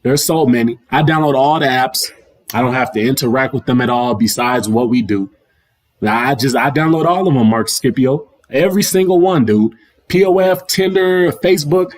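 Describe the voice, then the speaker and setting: A man's voice: mid-range voice, moderate pace. Slangy young man ranting on a livestream. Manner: slangy and repetitive, circling back over the same points. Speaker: livestream host. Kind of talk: casual ranting monologue. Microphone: livestream mic.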